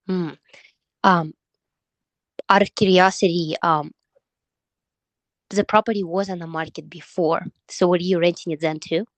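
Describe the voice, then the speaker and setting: A woman real estate agent practicing a cold call, asking slow, careful, scripted questions. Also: fairly low pitch, steady tone, no echo. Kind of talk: sales call role-play.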